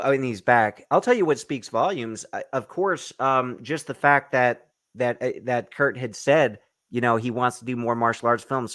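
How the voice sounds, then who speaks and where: An enthusiastic male host talking on a video call, keen and quick to share his excitement. His voice is dry and close, with no room sound, and sits at an ordinary pitch. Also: no room sound. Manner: eager, enthusiastic fan of the genre. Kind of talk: casual interview chat.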